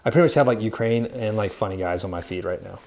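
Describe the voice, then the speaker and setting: A man's voice: lowish voice, fast, darkish tone, slight background noise. A man co-hosting a podcast, telling stories in a casual chat and laughing often. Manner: chatty, laughing storyteller. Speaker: podcast co-host.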